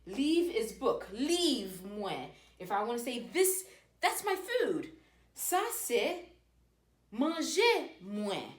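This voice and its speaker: Slow-speaking woman teaching a language. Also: a little high, very animated. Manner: slow, careful modeling of phrases. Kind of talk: casual language lesson. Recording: echoey room.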